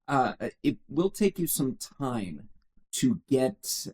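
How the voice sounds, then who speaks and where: A man at an average pitch runs a tabletop session in loose, casual talk. He stumbles through frequent filler sounds as he works out what to say. It comes across as relaxed banter around the game table. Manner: halting, many filler sounds. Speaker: game master.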